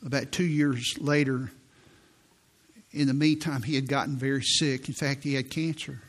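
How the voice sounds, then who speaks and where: A man in his sixties, a pastor preaching a sermon in a church, telling stories in an earnest way and slowing down for quoted prayers. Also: mid-range voice, fairly even intonation. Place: church sanctuary.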